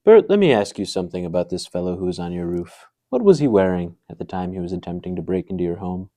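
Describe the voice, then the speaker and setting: An actor playing a mock-earnest late-night host who asks his guest questions in a deadpan way, in improvised sketch comedy. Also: sits low, quick pace, no echo. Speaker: talk show host.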